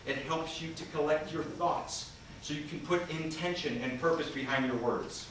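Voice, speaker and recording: At a normal speed, a man with a higher, fairly bright voice delivers an interactive seminar as a communication trainer, asking his audience questions. It takes place in a large conference hall. The recording is echoey, faintly noisy, and his voice is far from the microphone.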